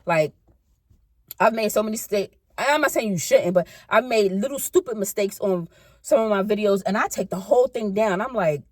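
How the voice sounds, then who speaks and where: A woman's voice: medium pitch, moderate pace, dry recording. A woman in her fifties chatting casually in a rambling, self-correcting way for a car-ride vlog. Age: 50s. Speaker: vlogger.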